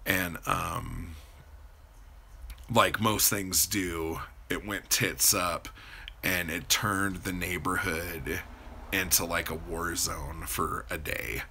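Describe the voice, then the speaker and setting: A man's voice: low-pitched, fairly even intonation, slow pace, creaky, sharp tone, a little hiss or hum. A man hosting a livestream, rambling casually as he answers viewers' chat and swears freely. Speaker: livestream host.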